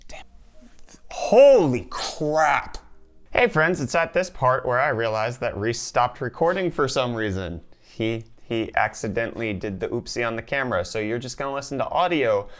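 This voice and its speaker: Young man, enthusiastic, exclaiming, tech vlog host, mid pitch. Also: animated, fairly quick, hardly any pauses, fairly bright tone. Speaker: tech video presenter. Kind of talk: excited unboxing vlog. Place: well-lit indoor room.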